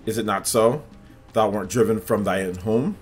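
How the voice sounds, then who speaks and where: A man's voice: lowish voice, normal speed, breathy edge, faint music behind. A man reading the lines of an archaic-speaking fantasy game hero in a formal, old-fashioned manner. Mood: defiant.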